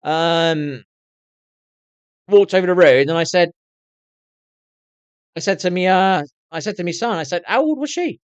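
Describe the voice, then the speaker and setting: A man's voice: fairly high pitch, steady tone, a little slow, pauses often, smooth, dry recording. A middle-aged man chatting to his viewers on a live stream, swearing constantly and rambling on in a candid way. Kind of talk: casual rambling chat to viewers.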